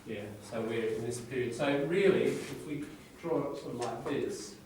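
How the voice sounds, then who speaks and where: A man's voice: medium pitch, moderate pace, a little mellow, slight background noise. Male teacher, echoey classroom, far mic. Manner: explains in short phrases, checks in with the class. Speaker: English teacher. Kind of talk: classroom lecture with reading aloud.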